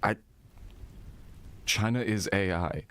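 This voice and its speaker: Man, live streamer, deep low voice, casual rambling chat, profane, reacting to viewers. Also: takes it slowly, fairly bright tone, a little hiss or hum.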